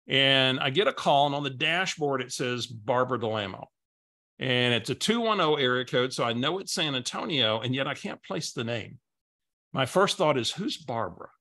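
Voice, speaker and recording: A male business coach with a bright, clear voice, presenting a webinar. He tells a story casually and often repeats words as he goes. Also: medium pitch.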